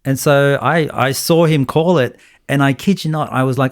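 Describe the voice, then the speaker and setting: A man's voice: mid-range voice, normal speed, no room sound, studio quality. A man with an Australian accent co-hosting a casual sports podcast, talking bluntly in rambling runs and swearing now and then. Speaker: podcast co-host.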